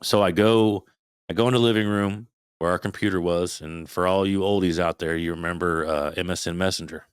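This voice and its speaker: Low-voiced guy in his 30s telling a spooky story, smooth voice, dry sound, swears a lot and does the noises. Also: steady tone, fairly quick, no echo. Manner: swears freely, retells his own past thoughts aloud. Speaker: podcast guest. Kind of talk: casual storytelling.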